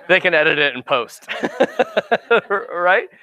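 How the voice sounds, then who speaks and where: A middle-aged man giving an informal marketing seminar in a lively, conversational way, often checking in with "right?". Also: a little high, takes it slowly. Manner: conversational, animated, keeps asking "right?". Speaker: marketing speaker and actor coach.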